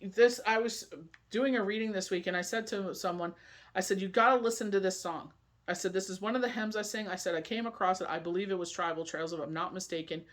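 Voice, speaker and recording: A tarot and oracle card reader giving a casual spoken forecast, rambling and chatty, often asking "you know what I mean" and reading card meanings aloud slowly. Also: mid-range voice, steady tone, fairly bright tone.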